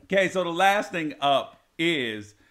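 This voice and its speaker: Lively playful young husband. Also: male voice, on the high side, measured pace. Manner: playful, affectionate, easygoing. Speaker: co-host, husband. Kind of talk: casual couple chat.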